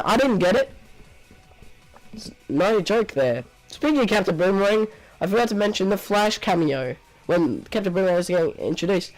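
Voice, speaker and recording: A man's voice: a little high, darkish tone, low-quality recording. A man giving a casual spoken movie review, rambling and exasperated, packing his talk with filler words.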